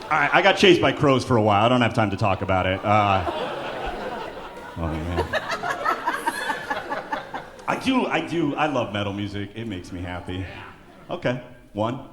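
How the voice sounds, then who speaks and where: A man performing a stand-up comedy set on a club stage who breaks into loud, shouted character voices. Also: fairly low pitch, lively intonation, moderate pace, long pauses, heavy background noise. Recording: echoey club with loud crowd. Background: audience laughter.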